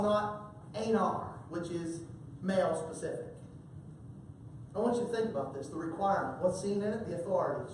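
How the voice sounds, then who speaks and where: A man preaching a sermon in a church, folksy and animated, with humorous asides and stories. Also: sits high, a little hiss or hum. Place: church sanctuary. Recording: very echoey hall from far off.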